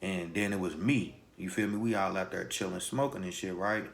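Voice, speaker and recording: A young man from Louisville, Kentucky, casually telling a personal story in heavy street slang with animated retelling. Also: deep voice, a little fast, creaky. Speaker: vlogger.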